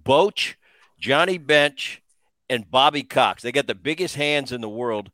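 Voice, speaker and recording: A man's voice: medium pitch, lively intonation, unhurried, sharp tone, dry recording. Guy hosting a chat, laid back, reminiscing, dry close mic. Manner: chatty, reminiscing, laughs along. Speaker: host. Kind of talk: casual interview chat.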